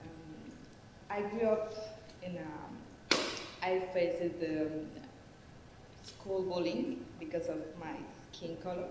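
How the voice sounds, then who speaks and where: A pageant contestant answering a question before a group, hesitant and full of ums and pauses. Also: female voice, on the low side, fairly even intonation. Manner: hesitant, many ums, pauses between phrases. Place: hotel event room. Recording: very echoey hall with background noise.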